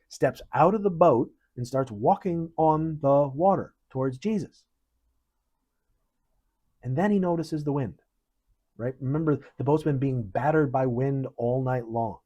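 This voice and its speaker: A man's voice: medium pitch, breathy edge. A male pastor giving a sermon in an earnest, conversational way, pressing hard on key words. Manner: earnest, conversational preaching with animated emphasis.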